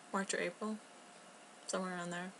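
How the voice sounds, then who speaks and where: A young woman rambles through an unscripted home vlog, keeping her voice low and sometimes close to a whisper. Her tone carries a gravelly edge, and a faint hiss sits under the recording. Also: level tone, normal speed, low-quality recording. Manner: rambling, chatty, filler-heavy with soft laughs; talking quietly, at times near a whisper. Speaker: vlogger. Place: home, indoors.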